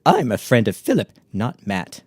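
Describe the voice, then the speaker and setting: A man's voice: lowish voice, huge pitch swings, normal speed, breathy edge, no room sound, exaggerated voice. A man voicing a prim, indignant young British woman with a put-on British accent.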